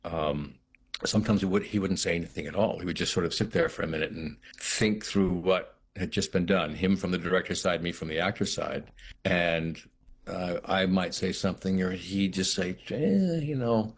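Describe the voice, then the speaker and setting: Husky low-voiced actor reflecting slowly. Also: male voice. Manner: thoughtful, halting, many restarts and quoted asides. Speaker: actor, guest. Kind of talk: reflective interview talk.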